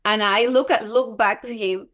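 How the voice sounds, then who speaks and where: A woman who is a guest in an interview, telling a personal testimony in a halting, earnest way, with many filler words and restarts. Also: fairly high pitch, steady tone, a bit bright. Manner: earnest, often breaks into laughter.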